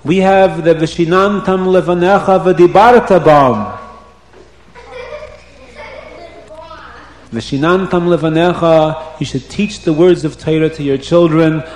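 Bearded Jewish man, put on by a male storyteller, cheerful and boastful, lifted pitch, echoey room. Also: normal speed, hardly any pauses, close to an everyday voice. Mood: confident. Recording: roomy echo.

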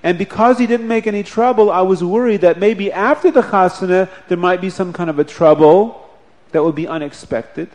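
A man voicing an elderly revered rebbe who speaks slowly and with authority. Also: high voice, darkish tone, close to an everyday voice. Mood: explaining. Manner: slow, measured and commanding.

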